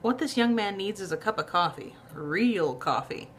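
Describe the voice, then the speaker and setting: A woman's voice: medium pitch, expressive, moderate pace, slight background noise, close to an everyday voice. A woman voicing a stern, serious older grandfather who talks dry and impatient.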